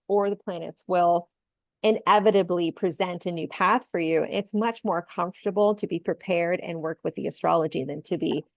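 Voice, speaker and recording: A woman astrologer speaks as a guest in a casual podcast conversation, explaining reflectively and tagging her points with "right?". Her voice is low with a gravelly texture. The sound is close and dry. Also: a little mellow, no echo.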